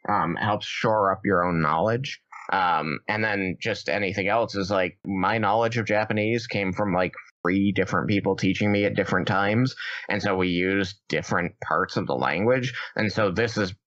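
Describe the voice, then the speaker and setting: A man co-hosting a gaming podcast in casual chat, acting out his own reactions with lively shifts. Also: low-pitched, normal speed, dry recording, muffled recording. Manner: animated, acts out his own past reactions. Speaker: podcast co-host.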